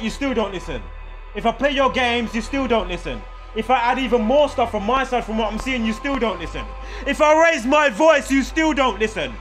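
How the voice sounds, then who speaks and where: A vlogger with a very high, somewhat bright voice rants angrily to camera. His monologue is profane, heated, and sarcastic.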